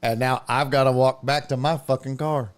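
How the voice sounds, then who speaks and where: A man's voice: mid-range voice, moderate pace. A man in his fifties hosting a podcast, telling a funny story with a lot of swearing and acting out what people said. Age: 50s. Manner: profane, animated, acts out quotes. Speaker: podcast host. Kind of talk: comedic storytelling.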